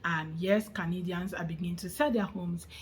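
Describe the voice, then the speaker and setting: A woman's voice: on the low side, steady tone, normal speed, a little hiss or hum. A woman vlogger reads out viewer comments and reacts to them in a chatty way, often asking her audience for agreement.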